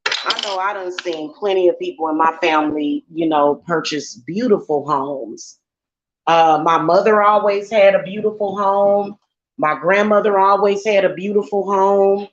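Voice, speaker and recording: A woman's voice: medium pitch, fairly even intonation, unhurried, highs cut off. A woman tarot reader talking bluntly and casually on a livestream. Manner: blunt and chatty.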